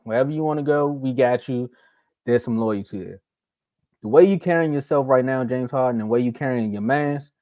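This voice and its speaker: A man hosting a casual sports talk show, animated, acting out what players might say in playful put-on voices. His voice is mellow and warm, recorded close and dry with no room sound. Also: medium pitch, no echo. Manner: animated, acts out quotes in mocking voices. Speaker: sports podcast host.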